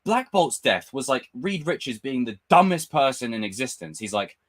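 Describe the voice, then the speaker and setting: A man's voice: mid-range voice, moderate pace. A young man hosting a live stream, chatting casually and ranting with lots of swearing. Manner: animated, swearing, ranting fan. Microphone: desk mic with camera.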